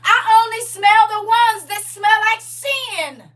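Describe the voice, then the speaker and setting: High bright woman, animated and teasing. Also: takes it slowly, recorded from a distance. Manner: animated, laughing, playful teasing. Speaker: livestream host. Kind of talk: casual preachy comic monologue.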